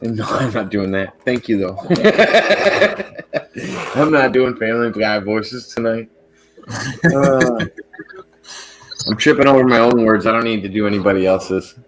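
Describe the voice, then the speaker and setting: A man's voice: mid-range voice, measured pace, pauses often. A man hosting a casual livestream over a video call, joking and laughing often while he restarts his phrases. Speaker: podcast host.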